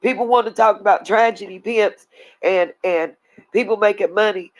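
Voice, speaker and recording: A woman's voice: mid-range voice, normal speed, rough recording. Blunt woman ranting on a livestream. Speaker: channel host. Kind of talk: livestream commentary.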